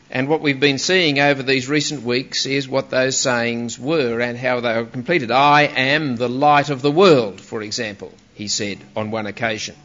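A man's voice: medium pitch, a bit bright. A man preaching a sermon, emphatic and stressing single words, on a dull lo-fi recording.

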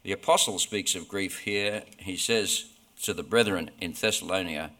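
A man preaching a sermon in a slow, deliberate, earnest way, pausing often between phrases. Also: deep voice, bright, forceful tone. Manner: slow, deliberate, earnest delivery with frequent pauses.

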